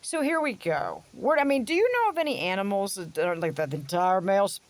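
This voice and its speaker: A woman's voice: mid-range voice, big pitch swings, fairly quick. Blunt, crude woman ranting on a vlog. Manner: sarcastic, swings into mocking voices. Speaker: vlogger. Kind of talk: casual opinion rant to camera.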